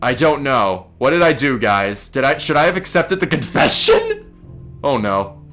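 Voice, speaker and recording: A man's voice: medium pitch, huge pitch swings, unhurried, fairly bright tone. A man giving gameplay commentary, flustered and swearing a lot as he talks to his viewers. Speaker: let's play gamer. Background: game music.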